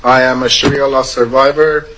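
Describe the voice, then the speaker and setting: A man's voice: medium pitch, flat delivery, normal speed, fairly bright tone, poor audio. A man from Iran giving an emotional, urgent public comment.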